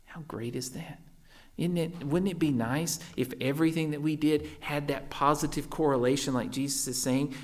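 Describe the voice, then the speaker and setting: A man's voice: on the high side, normal speed. Conversational man preaching a sermon. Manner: conversational, often adds "right?" to points; swings between lively raised emphasis and soft hushed asides. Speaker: pastor.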